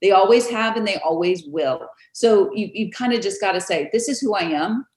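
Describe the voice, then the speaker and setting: A woman realtor telling stories in a casual interview, animated and quick to laugh, acting out the voices of others. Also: mid-range voice. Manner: animated storyteller, acts out quoted voices, laughs often. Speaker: realtor guest. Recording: roomy echo.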